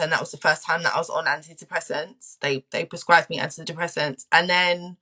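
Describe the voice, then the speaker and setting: A woman's voice: sits low, fairly even intonation, moderate pace, few pauses, sharp tone, rough recording. A woman in her twenties frankly sharing her personal struggles as a guest, often repeating phrases for emphasis. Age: 20s. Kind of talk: candid personal testimony.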